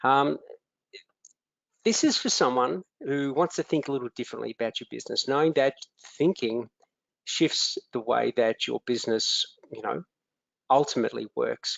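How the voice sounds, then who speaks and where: A man's voice: medium pitch, normal speed, vocal fry, a bit bright, dry recording. An Australian man hosting a live webinar as a business coach, upbeat, greeting attendees by name with frequent ums. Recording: dry, dull lo-fi webinar audio.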